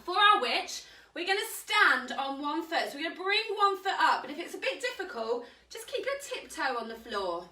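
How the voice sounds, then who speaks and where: High, lively woman leading kids yoga. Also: normal speed. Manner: cheerful, encouraging instructions. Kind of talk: live kids yoga class with story reading. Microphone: live stream camera mic at a distance. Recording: echoey room, mic at a distance.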